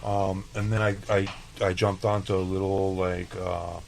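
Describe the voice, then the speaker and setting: A man's voice: deep voice, little pitch movement, a little slow, vocal fry, slight background noise, rough recording. A man from El Paso, a chef and podcast guest, telling casual, profane stories and acting out past conversations. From El Paso, Texas. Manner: profane, laid-back, acts out dialogue. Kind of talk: casual interview storytelling.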